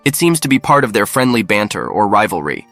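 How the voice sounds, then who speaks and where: A man reading a scripted story recap in an even, matter-of-fact way. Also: on the low side, fairly quick, no room sound, soft background music. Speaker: narrator. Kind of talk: scripted narration.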